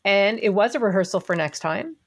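Woman host, warmly affirming, long flowing chat. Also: mid-range voice, a little fast. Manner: enthusiastic, affirming, talks in long run-on thoughts. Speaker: podcast host. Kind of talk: casual interview chat.

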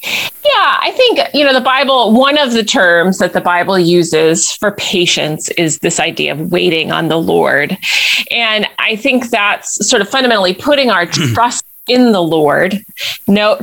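A woman speaking as a guest in a faith conversation, thoughtful and measured, with articulate phrasing. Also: lowish voice, lively intonation, a bit bright.

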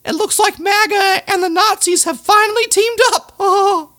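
A man voicing a cheery cartoon mouse in a shrill falsetto with giggles. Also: fairly even intonation, moderate pace, sharp tone, exaggerated voice. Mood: giddy.

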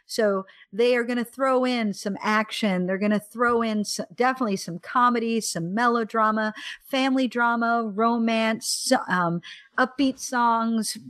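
A woman in casual conversation, enthusiastically retelling a film plot with animated, acted-out quotes. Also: a little high, unhurried, clear, resonant tone. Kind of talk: casual chat about films.

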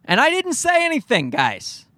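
High, lively man ranting. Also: moderate pace, no room sound. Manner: profane, exasperated ranting. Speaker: vlogger. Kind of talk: ranting storytime.

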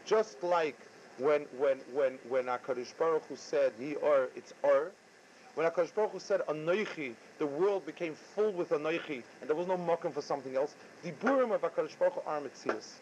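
A man giving a Torah lecture, halting and often repeating his words. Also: fairly high pitch, a little mellow, a little hiss or hum. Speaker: rabbi. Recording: dull lo-fi recording.

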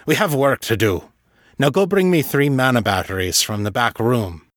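Curmudgeonly old wizard man, gruff, clipped, mid-pitched, as a male narrator plays him. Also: expressive, moderate pace, no room sound, clean studio sound, lightly acted.

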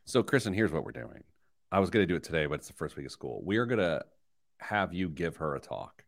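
A middle-aged man hosting a money radio show, telling stories in lively banter that gets loud when he's excited. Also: deep voice, fast, creaky. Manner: animated storyteller, rising loud when excited. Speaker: radio show host, financial planner. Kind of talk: casual studio banter.

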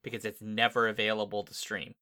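Bright-voiced excitable man. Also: fairly quick, clean tone. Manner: enthusiastic, jumps up in pitch when excited. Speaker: podcast co-host. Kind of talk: casual movie-review chat.

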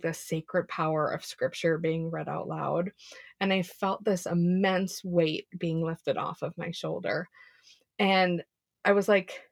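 Earnest young woman, gravelly and husky. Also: fairly low pitch, no echo, clean studio sound. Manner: earnest, chatty, heavy filler "like". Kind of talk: casual faith devotional talk.

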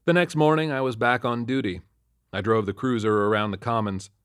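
A man's voice: mid-range voice, fairly quick, clean tone, no room sound, clean studio sound. A man narrating a first-person supernatural cop story in an earnest, matter-of-fact way.

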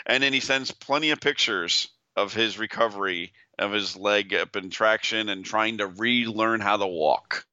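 A man's voice: lowish voice, normal speed, hardly any pauses, pushed and bright. A man co-hosting a casual podcast over a call, laid-back and agreeable, often echoing his co-host. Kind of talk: casual chat. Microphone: remote call. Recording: dull lo-fi sound.

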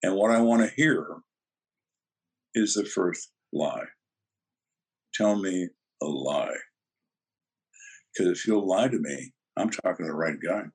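An older man, a former detective, telling interrogation stories in a dry, deadpan way during an interview. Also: low voice, normal speed, husky. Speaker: retired detective guest. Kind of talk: storytelling interview answers.

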